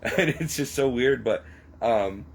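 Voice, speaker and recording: A man with a gravelly, creaky voice talks through a personal confession. His speech is rambling and halting, often near tears, with a faint hiss of noise behind him. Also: mid-range voice, expressive, low-quality recording.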